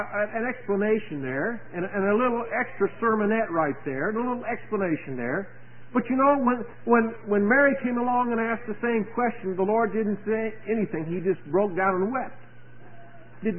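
A man's voice: high voice, slight background noise. A man preaching an expository Bible sermon, earnest and full of rhetorical questions, often stumbling and repeating words. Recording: tinny phone-like radio broadcast.

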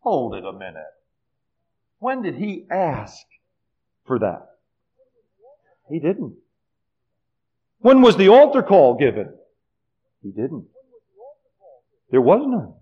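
A middle-aged man preaching a sermon with fervent, repetitive phrasing, often sinking to a hush. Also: a little high, wildly swooping pitch, takes it slowly, pauses often, breathy edge. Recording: dull lo-fi sermon recording.

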